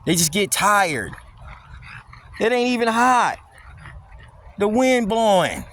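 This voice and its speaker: On a windy wooded walk, a dog vlogger with a high, fairly bright, sing-song voice takes his time through a blunt, mocking, slang-heavy rant. He films on a handheld phone, with faint wind and outdoor noise behind him.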